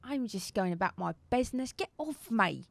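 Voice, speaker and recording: A woman's voice: mid-range voice, normal speed, no echo, pitched above the performer's own voice, close to an everyday voice. A woman voicing a nervous, shifty male satyr hired hand in a tabletop game, talking in slangy, pleading rambles. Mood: defensive. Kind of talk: tabletop role-play.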